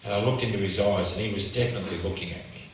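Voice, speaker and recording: A man's voice: lowish voice, very fast. A middle-aged man, a motivational speaker, tells a vivid, emotional story and acts out the dialogue. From Australia. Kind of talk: storytelling talk. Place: church hall. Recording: echoey church hall from far off, faint noise.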